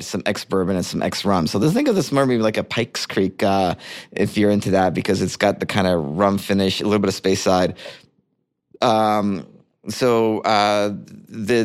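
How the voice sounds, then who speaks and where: Male podcast co-host from Canada, fairly low voice, casual and rambling with fillers. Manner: rambling, stop-start explaining with many fillers. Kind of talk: casual chat.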